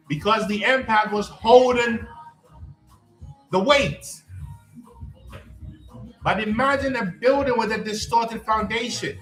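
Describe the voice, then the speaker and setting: A high-voiced man speaks like a preacher on a live stream, repeating his catchphrases and calling viewers in to ask questions. His voice echoes in a roomy space, with faint music underneath. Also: bright, forceful tone. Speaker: life coach hosting a live stream.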